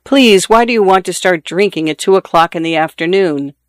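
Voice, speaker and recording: A soft-spoken young wife, patient and affectionate, coaxing her husband along with gentle pleas, as a male reader puts her on. The voice sits a little high, and it sounds close and dry with no room around it. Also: a little fast, no echo. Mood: pleading.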